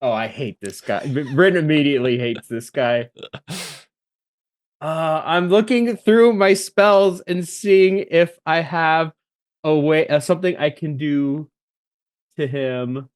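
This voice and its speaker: A man's voice: on the high side, slow pace, clean tone, no room sound, clean studio sound. A man playing in a tabletop game, chatty and thinking aloud while he laughs often. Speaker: player.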